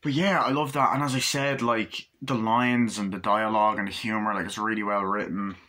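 A young man giving a casual spoken film review, rambling and acting out scenes in quick impressions. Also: lowish voice, steady tone, bright, forceful tone. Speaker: movie reviewer.

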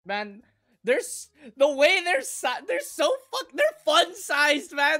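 A woman hosting an anime reaction, moving from soft cooing to loud excited squeals and swearing freely. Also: sits high, slow pace.

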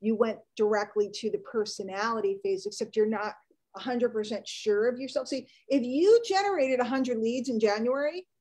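A woman business coach, giving a chatty, animated live online training. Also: on the high side, normal speed, low-quality recording.

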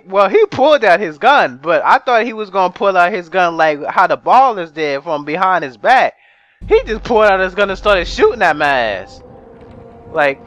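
A young man casually commenting on his own gameplay, rambling and profane, breaking into excited shouts. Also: high-pitched. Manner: rambling, profane, bursts into excited yelling and laughter. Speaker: gamer narrating his gameplay. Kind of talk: casual let's-play commentary. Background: game music and sounds.

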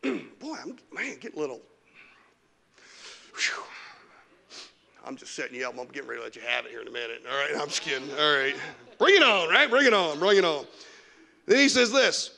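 A man preaching a lively sermon as pastor in a church, teasing the congregation and mocking whiny complainers. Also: fairly high pitch, fairly quick, vocal fry, pauses often. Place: church sanctuary.

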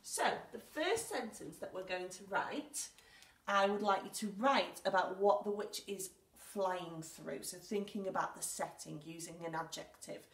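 English teacher speaking clearly to young children. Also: female voice, medium pitch, a little slow, recorded from a distance. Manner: clear, patient and encouraging, reads story lines aloud with emphasis. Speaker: primary school teacher. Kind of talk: recorded lesson for young children. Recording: echoey room, speaker away from the mic.

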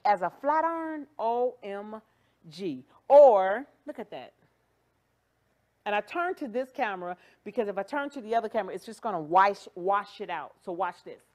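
A woman's voice: mid-range voice, lively intonation, normal speed, a little mellow. A woman hosting a livestream wig demonstration, playful and chatty, joking and cheering viewers on with catchphrases. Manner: playful, sings and jokes, hype catchphrases. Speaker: wig shop host. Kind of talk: livestream product demo.

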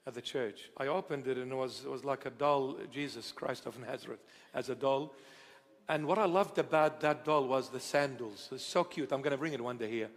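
A bishop giving a sermon, tender and playful in how he talks, now and then rising into loud outbursts, recorded in a church. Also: mid-range voice. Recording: church hall reverb.

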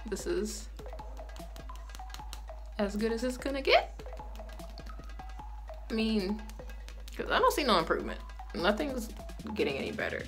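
Lively, candid woman vlogging from her phone. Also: medium pitch, a little slow, long pauses, over music. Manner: candid, swears freely, frequent laughter. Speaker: beauty vlogger. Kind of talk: casual get-ready-with-me chat. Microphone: phone camera.

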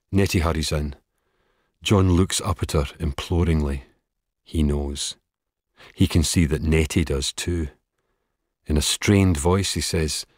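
A man narrating an audiobook in a measured, steady way. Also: a bass voice, no echo, clean studio sound.

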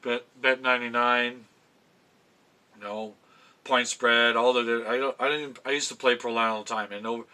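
A man's voice: medium pitch, fairly even intonation, normal speed, sharp tone. A middle-aged man, rambling casually to camera as a vlogger about football picks, chatty and full of restarts. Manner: chatty, self-interrupting, swears casually. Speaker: vlogger giving NFL picks. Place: home room with fan memorabilia.

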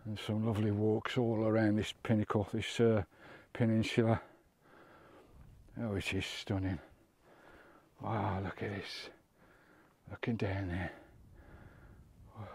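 British male vlogger outdoors, warm low voice, a bit winded, gushing over scenery. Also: husky, dry recording. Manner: chatty, exclaims at scenery. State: out of breath. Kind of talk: walking travel vlog commentary. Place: outdoors on a coast.

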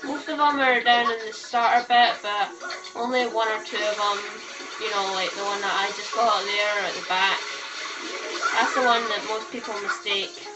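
A woman's voice: mid-range voice, fairly even intonation, moderate pace, low-quality recording. A woman giving casual, rambling walkthrough commentary while playing a video game. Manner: chatty, rambling walkthrough tips. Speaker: let's play gamer. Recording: game music playing behind the voice. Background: video game music.

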